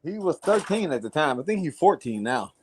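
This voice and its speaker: A man's voice: on the high side, sing-song, a little fast, slight background noise. A man casually telling a long story to friends in a blunt, profane way, repeating "I said" as he retells it. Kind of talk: casual chat.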